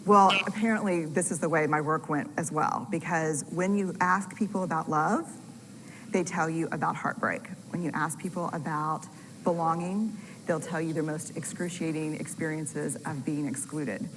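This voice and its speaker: A woman researcher speaks to an audience in a candid, self-deprecating storytelling manner. Her voice sits a little low. It carries long hall reverb with steady noise underneath. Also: moderate pace. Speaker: researcher and storyteller giving a talk. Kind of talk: public talk to an audience.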